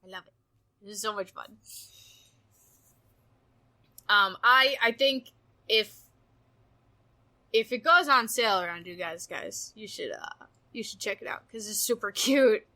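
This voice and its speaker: A young woman co-hosting a casual podcast chat, gushing and squealing with excitement, swearing freely. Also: mid-range voice, moderate pace, long pauses. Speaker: podcast co-host.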